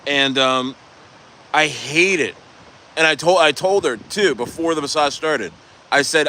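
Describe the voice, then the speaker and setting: A man's voice: on the high side, a little slow, bright, forceful tone, a little hiss or hum. A man casually telling a long story from a vacation condo, rambling and swearing with lots of restarts. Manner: rambling, profane, many restarts and "bro". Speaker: crypto vlogger.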